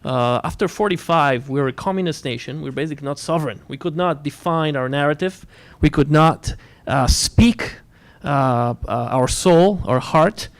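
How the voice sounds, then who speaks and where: A man from Poland, a diplomat guest, answering in a panel talk in a measured way with many fillers. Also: a little high. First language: Polish.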